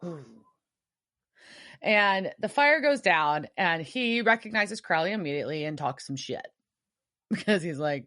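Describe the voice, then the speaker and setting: A woman co-hosting a podcast, chatting casually and acting out characters' lines as she recaps a TV episode. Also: measured pace. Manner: animated, acts out characters' lines with big pitch jumps. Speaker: podcast co-host.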